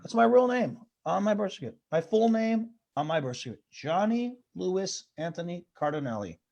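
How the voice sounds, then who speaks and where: High-voiced man firing off one-liners. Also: big pitch swings, gravelly, a little mellow. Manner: rapid one-liners, pleading with the audience after jokes. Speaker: stand-up comedian guest. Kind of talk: stand-up set over video call. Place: bedroom.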